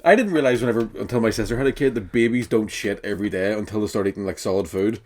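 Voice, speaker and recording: A man's voice: fairly low pitch, very fast. A man co-hosting a podcast, telling crude jokes and swearing heavily in casual chat. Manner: crude, jokey, heavy swearing. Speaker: podcast co-host.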